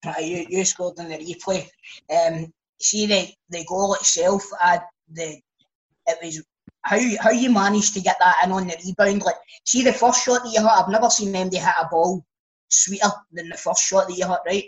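A man hosting a podcast, asking relaxed questions and swearing casually. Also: high voice, normal speed, rough recording. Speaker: podcast host. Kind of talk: casual chat.

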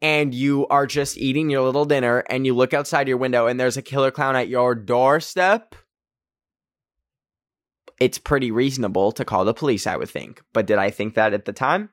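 In studio-quality audio with no room sound, a young Canadian man's mid-range voice moves at a moderate pace. He's a podcast host telling an animated, casual story, saying "like" constantly and performing quotes in raised voices.

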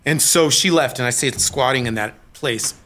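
A middle-aged man from Colorado recounts his past as a podcast guest. His voice is bright and forceful, his telling candid and halting, full of restarts as he works through the memories. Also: medium pitch, slight background noise. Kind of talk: personal recovery story in an interview.

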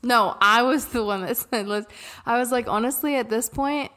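Woman, thirties, fairly high voice, podcast co-host, lively, laughs a lot. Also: normal speed. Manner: lively, laughs often, jumps in to finish his sentences. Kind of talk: casual storytelling.

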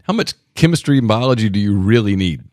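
Male sports podcast co-host, fairly low and very animated in pitch, thinks aloud in casual chat. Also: quick pace, no echo, studio quality. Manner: musing, thinks aloud with repeated starts.

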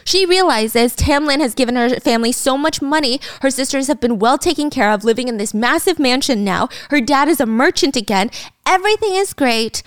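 A woman's voice: sits high, clean tone, no echo, studio quality. A young woman in casual chat, animatedly retelling a book's plot and slipping into quoted lines. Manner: animated storyteller, slips into character quotes. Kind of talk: casual book recap chat.

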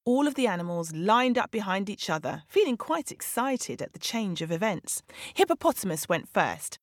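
A woman storyteller reading a children's tale in an expressive, animated way. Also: medium pitch, moderate pace, dry recording, studio quality.

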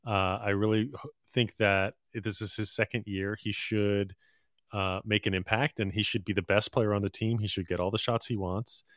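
A man's voice: fairly low pitch, fairly even intonation, normal speed, fairly bright tone, dry recording, studio quality. A man co-hosting a casual basketball podcast, offering opinions in an easygoing way with fillers. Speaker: podcast co-host.

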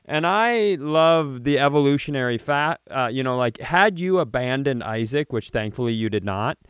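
Male co-host, mid pitch, smooth, resonant voice with a dry close sound; teasing and meandering. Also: lively intonation, normal speed, fairly bright tone, no echo. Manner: rambling, teasing, musing tangents. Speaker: podcast co-host. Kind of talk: casual comedic chat.

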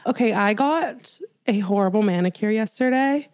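A young adult woman co-hosting a podcast, telling stories in a chatty, animated way. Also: mid-range voice, normal speed, smooth, no room sound, studio quality. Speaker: podcast co-host. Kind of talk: casual chat.

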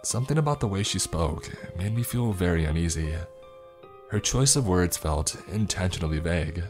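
A man reading a first-person horror story in a measured storytelling way. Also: low-pitched, lively intonation, soft background music.

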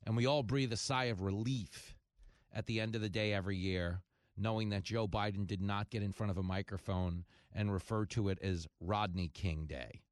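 A man hosting a talk radio show in a fast, jokey monologue, breaking into loud comic bursts. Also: on the low side, fairly even intonation, no echo, clean studio sound.

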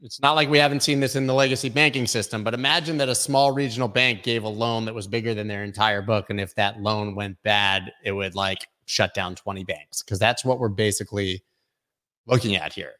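A man's voice: on the low side, steady tone, a little fast, sharp tone. A man hosting a weekly crypto news show, talking casually with many fillers and opinionated asides. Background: construction noise.

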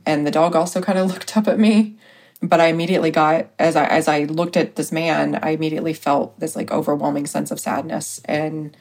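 A woman guest telling a personal story in a casual, hesitant way, pausing often with fillers. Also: deep voice, a little mellow. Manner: hesitant, full of pauses and fillers.

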